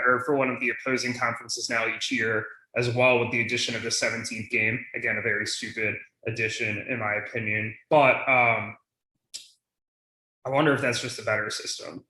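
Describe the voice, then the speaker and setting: A man's voice: medium pitch, bright, forceful tone, roomy sound, low-quality recording. A young man co-hosting a fantasy league podcast, chatting casually and thinking aloud with lots of fillers. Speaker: podcast co-host.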